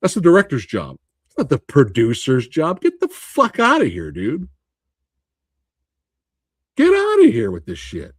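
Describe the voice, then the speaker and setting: Animated, laughing male movie reviewer. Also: fairly high pitch, unhurried, long pauses, husky, dry recording, studio quality. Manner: animated, incredulous ranting with frequent laughs and swearing; reads and answers viewer comments. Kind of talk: live stream Q&A and review chat.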